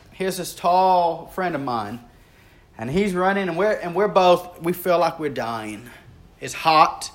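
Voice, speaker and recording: A man preaching a sermon, telling a story earnestly and swinging between rising intensity and hushed, quiet stretches. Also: animated, slow pace. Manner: earnest, builds in intensity and then drops low and quiet.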